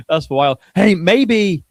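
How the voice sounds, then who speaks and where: Relaxed young man, dry close sound. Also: high-pitched, no room sound. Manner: relaxed, chuckling, trailing restarts. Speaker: co-host. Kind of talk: casual chat.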